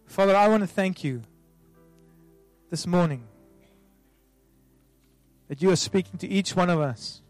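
A man as a pastor leading an altar call prayer, soft and pleading, repeating himself with many restarts. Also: high voice, measured pace, pauses often, dry recording. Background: soft music.

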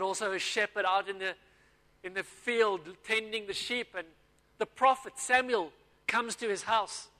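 A man with a high, sharp-toned voice preaches a sermon, telling stories and performing the characters' dialogue. A long hall reverb surrounds the recording.

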